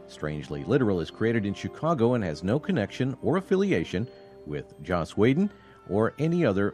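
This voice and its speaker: A man announcing a podcast disclaimer in a read, formal style. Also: on the low side. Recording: music bed behind voice.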